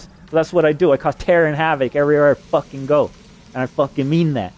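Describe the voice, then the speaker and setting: A man's voice: fairly high pitch, steady tone, fast talker, darkish tone. A man from New Mexico delivering an agitated, profanity-laden rambling monologue. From New Mexico, USA.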